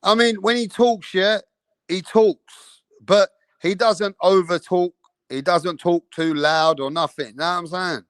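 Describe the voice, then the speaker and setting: A man hosting a live boxing stream, talking in a streetwise, slang-heavy way and keeping up a steady chat straight to the viewers. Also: high-pitched, unhurried, dry recording. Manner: streetwise, slang-heavy, keeps saying bro and bruv. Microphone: streaming setup mic.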